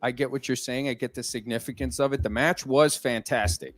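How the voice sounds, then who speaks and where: A man's voice: medium pitch, steady tone, a little fast, dry recording, soft background music. A man cohosting a wrestling podcast in casual, profane, mock-boastful panel chat. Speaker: podcast co-host.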